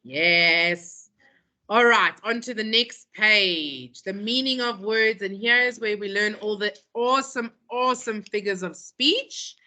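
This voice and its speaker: A woman's voice: medium pitch, pushed and bright. A woman teaching a poetry lesson to a school class, repeating phrases for emphasis and calling on pupils.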